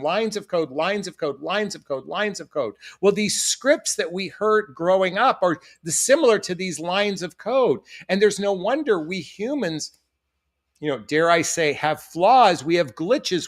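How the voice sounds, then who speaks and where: Middle-aged guy coaching his viewers, earnest and reflective, kinda high voice. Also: fairly bright tone. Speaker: dating coach. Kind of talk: direct-to-camera advice talk. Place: home room with family photos behind.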